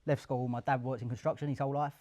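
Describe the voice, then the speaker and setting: A young man tells his story at a live event in an office. He is chatty and lively, slipping into the voices of the people he quotes. His voice sits at an ordinary middle pitch. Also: fast. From Essex, England. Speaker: guest, career switcher. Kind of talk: casual storytelling interview.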